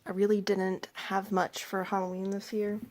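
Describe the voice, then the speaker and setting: A woman's voice: medium pitch, completely flat delivery, moderate pace, a little mellow, slight background noise. A young woman in her twenties, a pet vlogger chatting casually at home beside a cage, rambling with many fillers and a little out of breath. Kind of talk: casual chat. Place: indoors at home by an animal cage.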